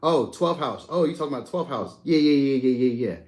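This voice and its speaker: A young adult man talks loosely and easily on a live stream, picking up viewers' comments as they come in. His delivery is relaxed and slangy, with a friendly back-and-forth feel. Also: medium pitch, a little fast. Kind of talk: casual live chat reading comments.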